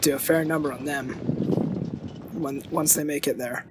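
Man narrating a strategy game, fairly high voice. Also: normal speed, heavy background noise. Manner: relaxed, rambling, self-correcting. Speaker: game video host. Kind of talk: casual gameplay commentary. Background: loud background music.

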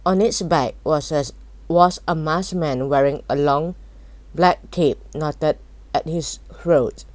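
Low-voiced woman reading a storybook. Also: takes it slowly, darkish tone, no room sound. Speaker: story reader. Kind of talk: reading a children's novel aloud.

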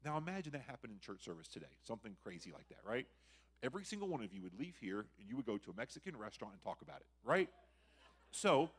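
A man preaching a sermon in a church, conversational and animated, acting out quotes from the text. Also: lowish voice, fast talker, breathy edge. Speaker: guest preacher. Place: church sanctuary.

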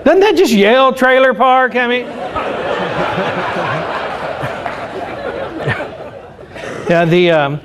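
A man's voice: very high-pitched, noisy background. A man doing a conversational stand-up comedy set, laughing at his own punchlines. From Oklahoma. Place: comedy club stage with live audience. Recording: live club recording with audience laughter.

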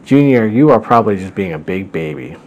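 A man's voice: lowish voice, animated, brisk, dull audio, lightly acted. A man reading as a spacey, careless young monster. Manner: dreamy, distracted.

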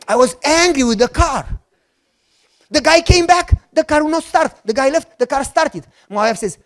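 A middle-aged man with a Romanian accent preaches, spinning a story with an animated, joking delivery. He acts out both sides of the conversations he is recounting, keeping the sermon lively. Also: extremely high pitch, moderate pace. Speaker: pastor.

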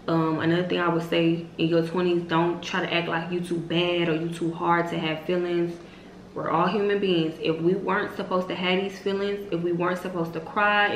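Emphatic young woman, roomy echo. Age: 20s. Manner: emphatic, preachy, repetitive, bursts into loud high exclamations. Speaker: vlogger host. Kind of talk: motivational faith-based vlog talk. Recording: roomy echo with faint hiss.

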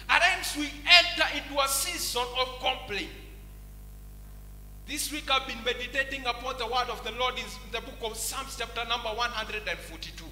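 Kenyan pastor preaching, high tense voice, echoey church hall, keeps saying praise lines. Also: male voice, sharp tone. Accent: Kenyan English. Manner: preaching with repeated praise refrains. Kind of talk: sermon.

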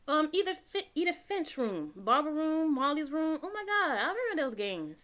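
High, excitable woman gamer. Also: moderate pace. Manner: excitable, gasping, swearing, jumpy. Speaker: gaming channel host. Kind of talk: let's play commentary.

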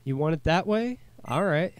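A man's voice: on the high side, animated, normal speed, close to an everyday voice. A man reading the lines of a defiant young woman gym leader in a video game, curt and threatening, close to his own voice.

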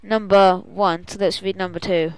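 A woman's voice: mid-range voice, fairly even intonation, normal speed, smooth, no echo, rough recording. A woman playing a video game and acting as game master, reading a quest aloud with drama and yelping when things go wrong. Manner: reads dramatically, then yelps and complains.

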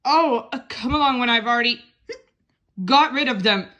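A woman's voice: a little high, normal speed, bright, forceful tone. A woman voicing a flustered puppet who has the hiccups and keeps sighing and dithering in an amateur puppet show. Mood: fretful.

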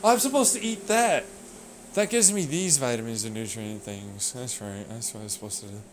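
A man in a rambling, profane vlog rant that swings between low muttering and loud outbursts. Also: normal speed, slight background noise. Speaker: vlogger. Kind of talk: ranting monologue.

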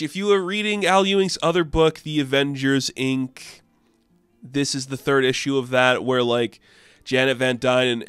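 A man's voice: mid-range voice, fairly bright tone, clear, resonant tone, dry recording. A man casually recapping a comic book, chatty and enthusiastic. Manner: chatty, enthusiastic, acts out quotes.

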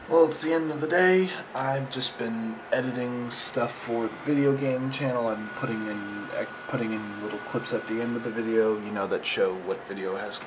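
A young man chats through his daily vlog in a rambling, self-mocking way. His voice sits at an ordinary pitch for a man. Steady background noise hums behind him throughout. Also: moderate pace, few pauses. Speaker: vlogger. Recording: noisy background ambience.

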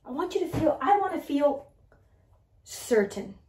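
A woman coaching her listeners on mindset, talking in an animated way and asking "right?" again and again. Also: high-pitched, measured pace, reverberant, a little hiss or hum. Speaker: mindset and weight-loss coach. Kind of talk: motivational talk to listeners.

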